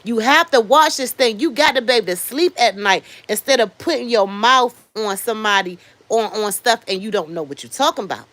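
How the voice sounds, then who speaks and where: A woman in her fifties hosting a livestream, giving blunt, animated commentary, swearing freely and answering viewer comments. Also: on the high side, fairly quick, no echo. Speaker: livestream host. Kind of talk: casual commentary.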